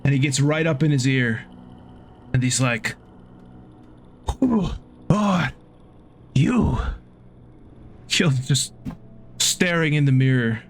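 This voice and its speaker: A man's voice: mid-range voice, moderate pace, long pauses, slight background noise. A man narrating a tabletop game as game master, in a casual way, laughing with the players. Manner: casual, laughing, acts out figures.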